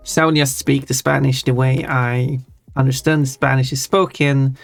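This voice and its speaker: A livestreamer from Sweden with a Swedish accent and a creaky, middle-pitched voice chats casually, thinking aloud and backtracking as they explain things. The sound is dry and close with no room echo, and soft music plays faintly underneath.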